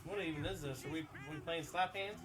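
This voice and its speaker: A man's voice: a little high, a little fast, over music. A man in a casual chat over a wrestling video, throwing in short wisecracks.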